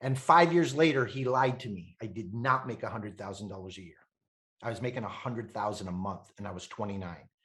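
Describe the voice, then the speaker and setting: A man in his fifties from Canada, a podcast guest telling animated stories, laughing often and acting out the voices of people he quotes. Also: lowish voice, brisk. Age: 50s. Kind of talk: animated storytelling.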